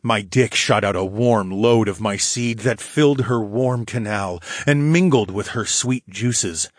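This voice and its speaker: A man narrating a fantasy audiobook in the first person, with a steady, low growling delivery. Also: measured pace, dry recording, studio quality.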